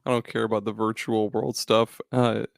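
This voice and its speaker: A man's voice: lowish voice, flat delivery, normal speed, creaky, dry recording, clean studio sound. A man hosting a podcast in casual chat, loose and profane, laughing often and restarting his sentences. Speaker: podcast host.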